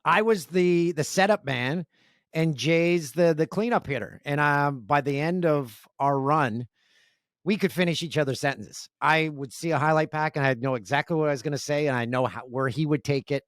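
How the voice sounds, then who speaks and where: A man from Canada, a sportscaster guest on a podcast, telling stories in an animated way and laughing easily. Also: a little high, no echo, studio quality. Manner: animated, storytelling, quick to laugh. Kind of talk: casual interview chat.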